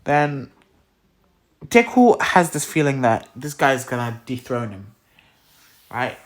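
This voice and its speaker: A man's voice: medium pitch, big pitch swings, takes it slowly. A man casually retelling a fan story, rambling with lots of fillers and restarts, sounding tired.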